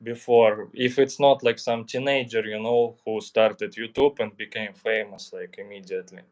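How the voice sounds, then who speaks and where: A man's voice: fairly low pitch, fairly even intonation, normal speed, darkish tone. A man with a Russian accent, a guest on a livestream, talking loosely and hesitantly with many fillers. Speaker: guest YouTuber. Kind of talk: casual livestream chat.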